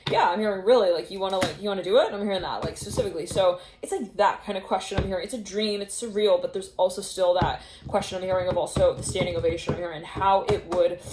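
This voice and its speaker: A woman's voice: fairly low pitch, steady tone, fast talker, few pauses, roomy sound, noisy background. A woman giving a casual tarot reading to her viewers, rambling and intuitive, with frequent laughs and restarts. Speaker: tarot reader.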